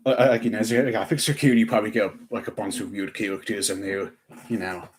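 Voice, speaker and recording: A man's voice: lowish voice, steady tone, fast talker. A young man chatting on a live stream, rambling with lots of fillers and restarts. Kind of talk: casual live-stream chat.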